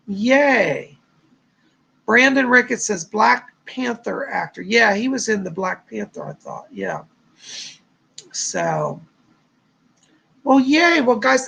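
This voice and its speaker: Brief: man in his 50s, gravelly and husky, chatty livestream host who rambles with fillers. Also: high-pitched, fairly bright tone, rough recording. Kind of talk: casual livestream chat.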